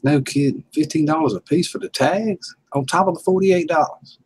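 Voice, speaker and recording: A man's voice: a little high, moderate pace, a little mellow, slight background noise, low-quality recording. A man hosting a casual livestream, chuckling and telling laid-back stories to viewers. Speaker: livestream host.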